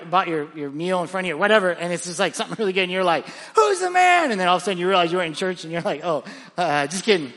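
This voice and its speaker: A sermon rings out from a pastor whose voice is high, bright and forceful, full of life and anecdotes. He often restarts, stumbling over the same words, and the large church auditorium lends him a long hall reverb.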